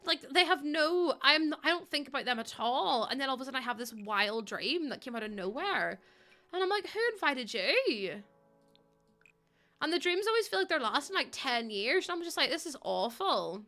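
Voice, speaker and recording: Bright, giggly woman streamer. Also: high-pitched, lively intonation, fairly quick, soft background music. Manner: bubbly, giggly, chatty with viewers. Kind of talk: casual live-stream chat while playing.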